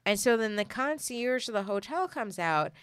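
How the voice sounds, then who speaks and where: A woman's voice: fairly high pitch, moderate pace, clean tone, no echo. A young woman from the Bronx, telling a story in casual chat and acting out what other people said. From New York, the Bronx. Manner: animated storyteller, acts out other people's lines, swears freely.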